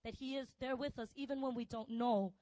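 A woman telling a personal testimony, soft and hesitant with many fillers, turning intense. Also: on the high side, fairly even intonation, fairly quick, no echo, rough recording. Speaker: testimony speaker.

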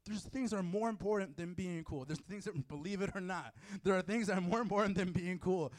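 A man's voice: on the high side, a little fast, few pauses. A man preaching a casual youth sermon, with playful asides and jokes to the audience. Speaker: youth pastor.

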